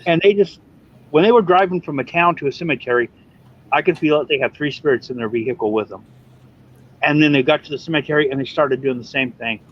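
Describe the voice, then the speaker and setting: Animated storytelling man, lo-fi audio. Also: a little high, fast talker, a little hiss or hum. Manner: animated, mimics others' lines. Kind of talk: casual storytelling chat. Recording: muffled lo-fi stream audio.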